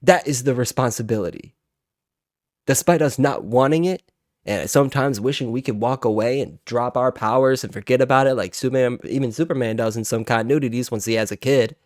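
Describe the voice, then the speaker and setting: Studio quality with no echo captures a man in his twenties speaking fairly quickly in a medium-pitched, darkish voice. He delivers heated, foul-mouthed, exasperated reaction commentary as the host of a reaction video.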